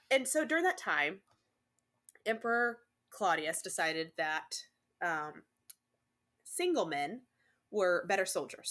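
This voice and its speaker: A woman co-hosts a relaxed podcast, half chatting and half reading from a summary. She stops often to say um and uh, and her throat sounds a little dry. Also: lowish voice. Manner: chatty, reads notes with many ums. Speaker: podcast co-host. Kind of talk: casual chat.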